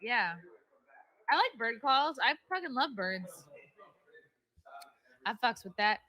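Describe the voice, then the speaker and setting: Playful woman, high and bouncy pitch, teasing group-chat energy. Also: big pitch swings, slow. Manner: playful, joking, loud bird calls. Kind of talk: casual chat. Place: large echoey house.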